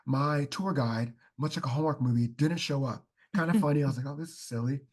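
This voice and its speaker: A man's voice: medium pitch, a little fast. A man, a podcast guest, chatting casually and telling heartfelt stories full of fillers. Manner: heartfelt storytelling, many fillers like "like".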